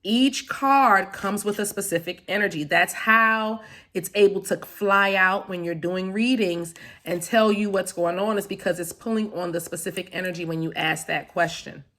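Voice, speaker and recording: A woman's voice: mid-range voice, normal speed. A woman who reads tarot, unboxing a deck in a casual vlog, gushing and effusive as she talks straight to her viewers. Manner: gushing and effusive, with soft exclamations; talks directly to viewers, calling them guys and baby. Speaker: tarot reader and spiritual vlogger.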